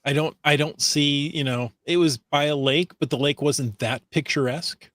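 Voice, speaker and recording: A man's voice: a little high, steady tone, moderate pace, a bit bright, no echo. A man co-hosting a casual podcast, reading out listener comments with dry, understated asides. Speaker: podcast co-host.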